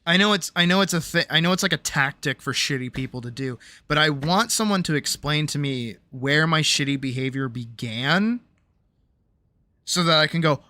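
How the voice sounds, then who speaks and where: A young adult streamer chatting casually on a stream. They talk candidly and ramble, restart sentences often, and let the ends of sentences trail off quietly. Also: mid-range voice, moderate pace, no echo. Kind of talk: casual stream chat, reading chat messages.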